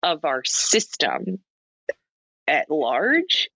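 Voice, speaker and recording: Lively Minnesotan woman on a muffled line. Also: low-pitched, very slow, breathy edge, no room sound. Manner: candid, rambling, laughs easily. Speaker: podcast guest. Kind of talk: casual phone chat.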